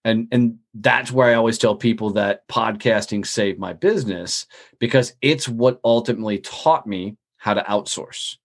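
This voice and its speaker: A man telling stories as a podcast guest in a casual, profane, energetic way, acting out other people's lines as he talks. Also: lowish voice, moderate pace. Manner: profane, energetic, animated storytelling with quoted dialogue. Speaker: podcast guest, business owner. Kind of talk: casual interview storytelling.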